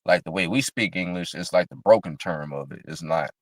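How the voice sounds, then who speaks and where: A man's voice: deep voice, fairly quick, dry recording. A man chatting casually on a stream, agreeable and laid-back. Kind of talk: casual chat. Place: in a vehicle.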